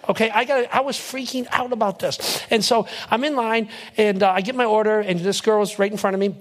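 A man's voice: high-pitched, steady tone, fairly quick. A young male pastor telling a personal story in a sermon, acting out his own reactions and building to emphatic preaching. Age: young adult.

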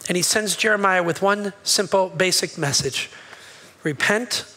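A man's voice: high-pitched, moderate pace, bright, forceful tone, rough recording. A male pastor giving a sermon in a church, impassioned and conversational, asking the congregation questions.

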